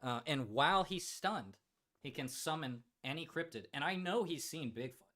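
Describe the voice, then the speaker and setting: Here the livestream host sounds a little high and a bit bright, animated and moderately paced. He jokes casually, reads the chat out loud, and leans heavily on filler words.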